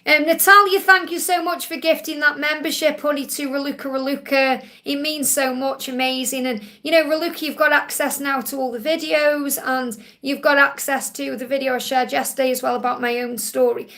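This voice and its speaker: A woman's voice: sits high, fairly even intonation, a little fast, few pauses, bright, forceful tone. A woman hosting a live-stream psychic reading, talking earnestly and emotionally with many fillers. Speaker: psychic medium host.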